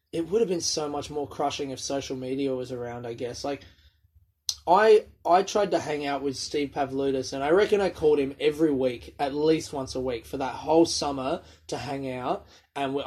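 Aussie guy in his 30s rambling thru a story, swears a lot, laughs at himself, kinda high voice. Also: a little mellow, husky. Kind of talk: casual solo storytelling.

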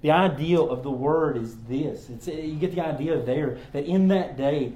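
A man's voice: on the high side, normal speed, hardly any pauses, warm tone, reverberant. A man giving an earnest sermon, explaining a word closely with many ums and restarts. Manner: earnest, explanatory, with frequent ums and repeated words. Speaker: pastor.

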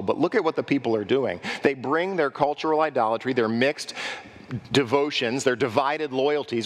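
Preaching pastor in a reverberant hall. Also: male voice, medium pitch. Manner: preaching with rhetorical questions to the congregation; acts out worshippers' voices in quick asides. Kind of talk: sermon.

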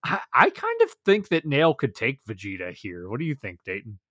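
A man co-hosting a podcast, heard close and dry with no echo. He chats casually and excitably, swearing freely as he goes. His pitch sits in a plain middle range. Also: moderate pace. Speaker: podcast co-host. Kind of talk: casual episode review chat.

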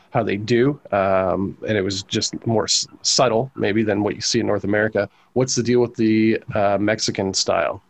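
A man hosting a wrestling podcast, chatting casually and laughing easily. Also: fairly low pitch. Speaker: podcast host.

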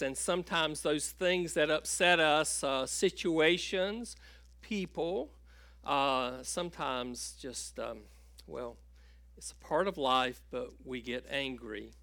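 A man preaching a sermon at an unhurried pace, in a bright, forceful voice. He stops and restarts often with fillers. The sound is dry and close. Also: a little high, dry recording. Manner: halting, with many fillers and restarts; storytelling with a joke. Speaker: pastor.

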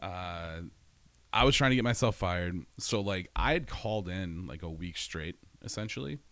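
A man's voice: low-pitched, animated, moderate pace, fairly bright tone, no room sound. A man telling a story in a casual, profane monologue, ranting and laughing as he goes.

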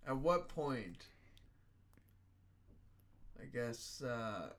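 Low-voiced teasing woman. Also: very animated, drawn-out words. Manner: teasing, breaks into laughter. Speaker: co-host. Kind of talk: casual chat.

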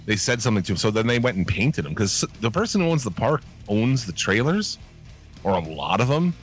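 A man co-hosting a casual chat podcast, telling animated stories full of profanity. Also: on the low side, brisk, soft background music.

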